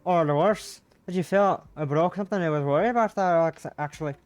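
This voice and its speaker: Talkative middle-aged man, attempted Glaswegian accent, loud, kindly, streamer doing the voice, visual novel read-aloud. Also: medium pitch, fast talker, no room sound, close to an everyday voice. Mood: chatty.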